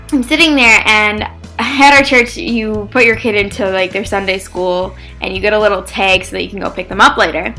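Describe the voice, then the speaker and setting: A young woman vlogging casually, chatty and animated, often saying "like" and acting out what people said. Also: medium pitch, vocal fry. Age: young adult. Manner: chatty, animated, says "like" often, acts out quotes. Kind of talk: casual vlog storytelling.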